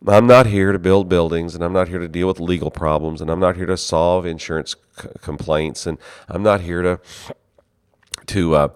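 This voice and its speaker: Deep-voiced earnest male preacher. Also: steady tone, moderate pace, smooth, no echo, studio quality. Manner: earnest, conversational, storytelling. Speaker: seminary leader. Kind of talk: ministry talk.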